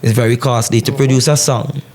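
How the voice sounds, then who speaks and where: A man's voice: medium pitch, steady tone, brisk, a crowd in the background. A man, a soca and calypso singer, making an earnest and repetitive appeal to the camera on a TV music show. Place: television music show stage. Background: live band music.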